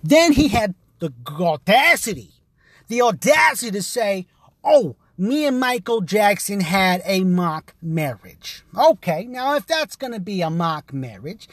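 A man's voice: high-pitched, no room sound, studio quality. A man ranting on a podcast in a brash, heated and profane way, full of streetwise slang. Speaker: guest taking over a podcast. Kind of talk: casual profane rant.

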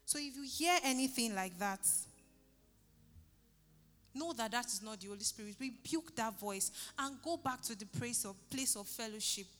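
A woman delivers a sermon, her high, bright voice pressing and repeating phrases with fervent urgency. She rings through a reverberant church hall with soft music underneath. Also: lively intonation, normal speed. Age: 30s. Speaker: preacher. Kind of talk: sermon with altar call.

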